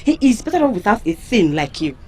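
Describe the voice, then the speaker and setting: An actress with a Nigerian accent playing a sharp-tongued young village woman in a Nollywood royal drama, scolding and mocking loudly. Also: high-pitched, very animated, fairly quick, vocal fry, slightly rough, heavily acted. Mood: angry scolding. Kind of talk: Nollywood film acting.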